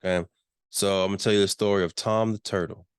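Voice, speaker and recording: Deep-voiced man coaching on sales. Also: steady tone, quick pace, clear, resonant tone, no echo, clean studio sound. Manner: emphatic, repeats key questions, asks "right?". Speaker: workshop presenter. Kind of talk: business coaching talk.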